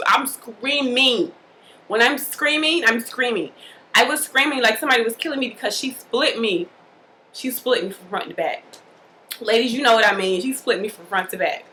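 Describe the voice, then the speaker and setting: A woman casually telling a personal story to the camera in a lively, colloquial way, acting out the scenes as she goes. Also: a little high, moderate pace, a little hiss or hum, poor audio. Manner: animated, colloquial, acts out the scenes. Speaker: mother telling a birth story.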